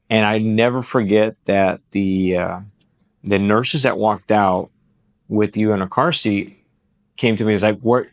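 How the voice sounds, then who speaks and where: A young man with a Texan accent tells a family story with lively energy, slipping into other people's voices as he goes. His voice sits low, and the recording is dry and close, with no room sound. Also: dry recording. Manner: animated storyteller who acts out quotes. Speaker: pastor and podcast host. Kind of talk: casual family conversation.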